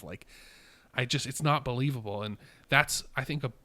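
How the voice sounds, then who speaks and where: A man co-hosting a casual film review podcast, measured and critical, thinking aloud. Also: mid-range voice, a bit bright.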